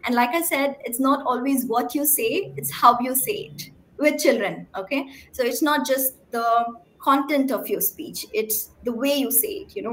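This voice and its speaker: A woman's voice: fairly high pitch, slight background noise. A woman speech therapist giving an emphatic talk to parents, often checking in with "right?" and asking the audience questions. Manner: clear, emphatic teaching with frequent "right?" check-ins.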